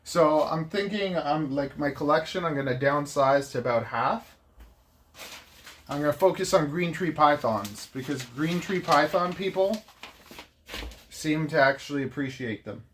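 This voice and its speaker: Young man, casual livestream chat, rambling, teasing, slightly high voice, faint background noise. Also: unhurried, a bit bright. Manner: rambling and teasing, laughs often. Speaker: snake keeper and livestream host.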